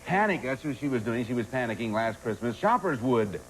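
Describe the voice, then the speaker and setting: A man hosting a game show, lively and encouraging, quick to laugh with the players. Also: medium pitch, soft background music, rough recording.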